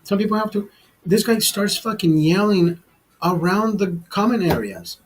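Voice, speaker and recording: A man's voice: high voice, animated, moderate pace, a little hiss or hum, low-quality recording. A man telling a story to his camera in a heated, profane rant, repeating himself as he goes. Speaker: vlog host.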